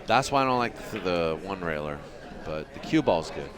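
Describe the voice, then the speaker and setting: Lively, chatty male pool commentator. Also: low-pitched, moderate pace, a crowd in the background. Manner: chatty, joking with viewers, laughs often. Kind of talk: casual live play-by-play commentary.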